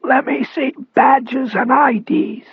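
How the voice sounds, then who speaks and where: A man voicing a paralyzed older male ex-cop with a raspy, straining voice, crying out high and strained. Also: fairly even intonation, takes it slowly, no room sound, lo-fi sound, exaggerated voice. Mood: defiant. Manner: high strained cries and shouts.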